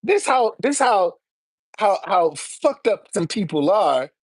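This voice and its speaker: A woman's voice: mid-range voice, sing-song, slow pace, breathy edge. A woman in her seventies hosting a live stream, talking heatedly to her viewers with a lot of repetition, restarts and swearing. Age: 70s. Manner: fiery, repetitive, profane, stammering restarts. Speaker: livestream host answering viewers.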